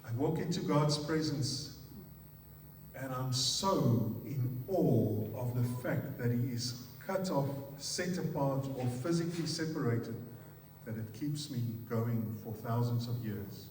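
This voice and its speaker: Afrikaans-accented male pastor, unhurried and emphatic sermon delivery, distant mic in a reverberant hall. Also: medium pitch, lively intonation, darkish tone, a little hiss or hum. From South Africa. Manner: emphatic, repeats words in threes, asks the audience questions. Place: church hall. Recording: echoey hall, picked up from far off.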